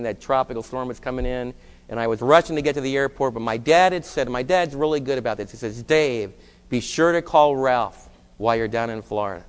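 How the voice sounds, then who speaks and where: A man's voice: mid-range voice, clear, resonant tone, long reverb tail. A man preaching a sermon, reading scripture and telling a personal story in an earnest way. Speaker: pastor.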